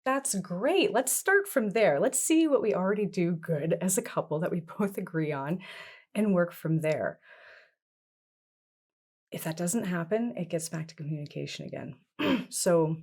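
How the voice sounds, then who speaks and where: A woman from Canada, a therapist guest on a podcast, explaining things calmly with strings of questions. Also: on the low side, a little slow. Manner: explains steps with strings of questions, calm and instructive. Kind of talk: podcast conversation.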